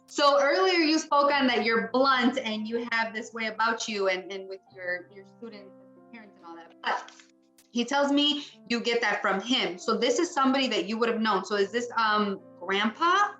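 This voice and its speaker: Chatty bright-voiced woman psychic, echoey. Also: a little high, normal speed, soft background music. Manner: chatty, rambling, acts out spirit voices. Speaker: psychic medium. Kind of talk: mediumship reading. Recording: echoey room.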